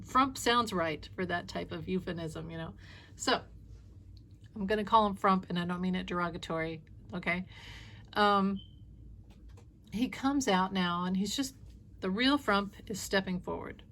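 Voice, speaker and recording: A woman rambling through a blunt, opinionated monologue at a mid-range pitch. Her talk is loose and animated, full of asides and the odd curse word. A faint hiss of noise sits under the recording. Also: unhurried, long pauses. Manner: blunt, animated, swears freely. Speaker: spiritual reader.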